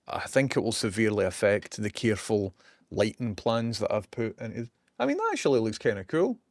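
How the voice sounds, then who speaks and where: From a small basement room, a Scottish man streams live, rambling casually, cursing occasionally and reading viewer messages aloud. His voice is mid-range, and the audio is dry and clean like a studio.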